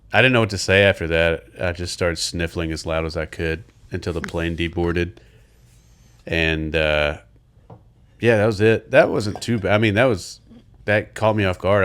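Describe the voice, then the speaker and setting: Young man, very deep voice, laid-back, swearing, laughs at own jokes, slightly congested, casual podcast chat. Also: steady tone, moderate pace, fairly bright tone, clear, resonant tone. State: congested, sniffly. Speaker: podcast co-host.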